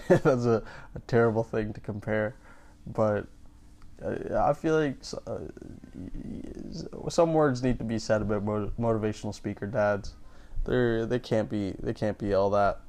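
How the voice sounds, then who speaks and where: A man with a fairly low voice riffs in loose podcast chat as a comedian. He rambles, stammers and restarts his sentences as he thinks aloud. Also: a little slow, a little mellow.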